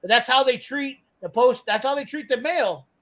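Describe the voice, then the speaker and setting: Blunt, high-voiced swearing man. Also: normal speed, bright, forceful tone, rough recording. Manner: profane, blunt, heated ranting. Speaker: host telling a work story. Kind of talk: casual storytelling chat.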